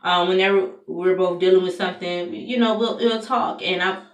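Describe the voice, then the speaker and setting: A young adult woman, soft-spoken and confiding as she tells a personal story to the camera, with many fillers. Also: lowish voice, fairly even intonation, normal speed. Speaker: vlogger. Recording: echoey room, far from mic.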